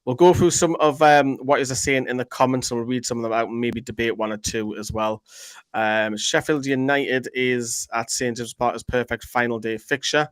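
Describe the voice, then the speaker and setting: Chatty, rambling male co-host reading viewer comments, dry close sound, mid pitch. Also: steady tone, clear, resonant tone, no room sound, low-quality recording. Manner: chatty, rambling, quick to joke. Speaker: fan channel co-host.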